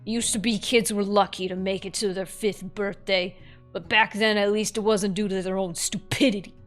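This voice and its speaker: A woman voicing a blunt, foul-mouthed female rag doll spirit with a New York accent, gruff and exasperated. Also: mid-range voice, steady tone, moderate pace, faint music behind, close to an everyday voice.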